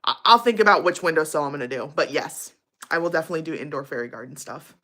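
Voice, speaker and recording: A woman's voice: sits low, lively intonation, fast talker, pushed and bright. A young woman casually chatting with viewers on her livestream, bubbly and giggly, with lots of likes and ums. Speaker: livestream host.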